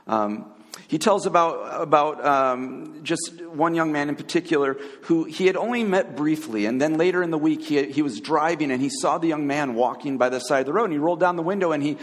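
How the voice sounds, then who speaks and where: A man preaching a conversational sermon as a pastor, pausing often with fillers and restarts. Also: medium pitch, long reverb tail.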